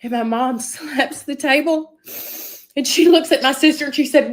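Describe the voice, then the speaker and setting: A woman's voice: high voice, normal speed. A woman telling a personal story earnestly, acting out what people said. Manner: earnest, tearful storytelling with acted-out quotes. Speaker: guest telling her story. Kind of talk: emotional personal testimony.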